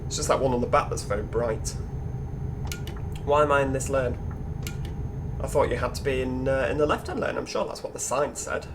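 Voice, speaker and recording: A man's voice: mid-range voice, a little fast, long pauses, noisy background. A man with a Yorkshire accent hosting casual gameplay commentary, chatty, musing aloud and talking to the other drivers. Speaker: gaming channel host.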